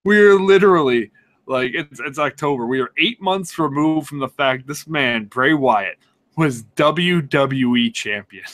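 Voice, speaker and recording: A man co-hosting a casual sports podcast, excitable and sarcastic, swearing and laughing as he talks. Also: medium pitch, measured pace. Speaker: podcast co-host.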